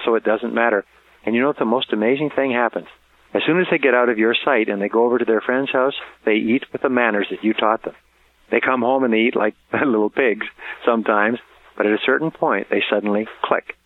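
A man's voice: mid-range voice, dry recording. A middle-aged man giving an earnest talk on parenting, repeating key words for emphasis and chuckling at his own stories. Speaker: motivational speaker. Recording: tinny phone-like audio.

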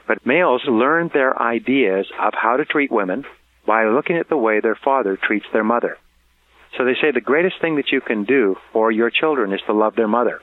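A middle-aged man giving an earnest talk on parenting, repeating key words for emphasis and chuckling at his own stories. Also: mid-range voice. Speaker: motivational speaker. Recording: tinny phone-like audio.

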